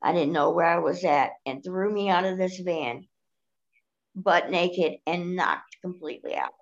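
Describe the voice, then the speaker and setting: A woman with a somewhat low voice, giving a personal testimony in an earnest, steady way. The recording sounds dull and lo-fi. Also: measured pace, gravelly.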